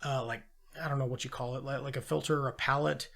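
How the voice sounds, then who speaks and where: A man's voice: medium pitch, fast, gravelly. Sweary man retelling a movie. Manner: animated retelling with acted-out quotes and swearing. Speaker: podcast co-host. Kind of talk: casual movie review chat.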